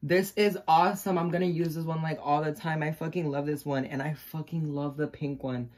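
Gushing, excitable young vlogger. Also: mid-range voice, fairly quick. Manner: excitable, gushing, swears freely, squeals with delight. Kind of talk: casual unboxing vlog.

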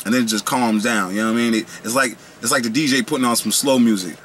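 A man's voice: medium pitch, fairly even intonation, quick pace, few pauses, a bit bright, breathy edge. A man casually reviewing snacks in a vlog, slangy and playful, riffing and rambling as he goes.

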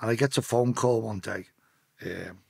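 Heard on a dry recording, this Liverpool man speaks at a moderate pace in a lowish, gravelly voice that's husky and a little mellow. As a podcast guest he tells casual stories bluntly, swearing heavily and breaking off to restart sentences.

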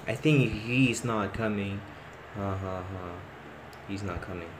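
A man talks himself through a horror game at an unhurried pace, jumping from hushed muttering to sudden excited outbursts. He repeats words when flustered. A faint ambient hum sits behind his voice. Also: fairly low pitch. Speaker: gamer. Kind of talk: let's play commentary.

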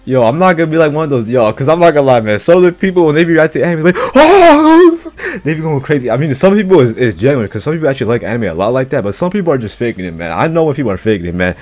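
A man's voice: mid-range voice, expressive, rapid-fire, hardly any pauses, a little mellow, faint music behind. A man casually reacting to an anime chapter, slangy and profane, who keeps blurting out exclamations.

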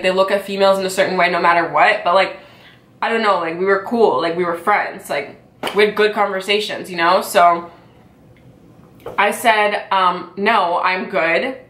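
A young woman films a casual mukbang at her table at home, eating, chewing, and ranting in a chatty, exasperated way packed with fillers. Her voice is medium in pitch and a bit bright, and the room is echoey.

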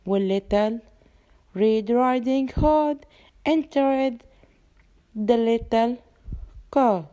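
A young woman reads a children's story aloud, very slowly and with many restarts on words. Her voice is fairly high yet mellow and soft in tone. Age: young adult. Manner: halting reading with frequent restarts. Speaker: student reading a story.

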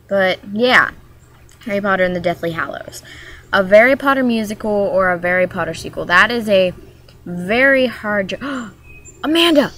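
A woman's voice: medium pitch, a bit bright, a little hiss or hum. Hyper, rambling young woman vlogger. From Maryland, USA. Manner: hyper, rambling, jumps between topics. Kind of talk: casual vlog chat.

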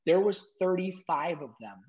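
A middle-aged man telling an emotional story as an interview guest, animated, acting out quotes and using many "like" fillers. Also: high-pitched, normal speed. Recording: dull lo-fi sound.

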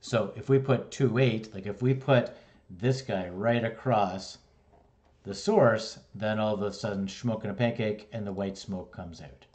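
A man's voice: fairly low pitch, a little slow, darkish tone. A middle-aged man from Canada teaching electrical wiring in a casual, conversational way, checking in with "right?" and "okay?" as he explains each step. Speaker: electrical instructor. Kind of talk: casual classroom lesson.

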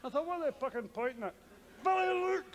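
A Scottish man doing stand-up comedy, telling a story with heavy swearing and loud yelped sound effects. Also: very high-pitched, rapid-fire, a little hiss or hum. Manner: animated, profane, loud vocal sound effects. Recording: live hall with audience ambience.

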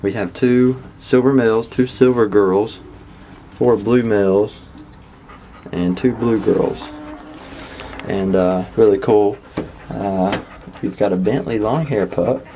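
A man's voice: lowish voice, fairly even intonation, slow pace, warm tone. A man breeding dogs, giving a casual home video update in an easygoing, folksy way and chatting to the dogs between remarks. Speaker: dog breeder. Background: dogs and household noise.

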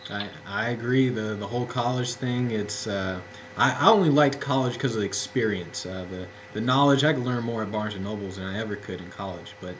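A man asking casual interview questions in a relaxed way, with plenty of fillers. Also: on the low side, fairly quick, a little hiss or hum, poor audio. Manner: relaxed, with many fillers and restarts.

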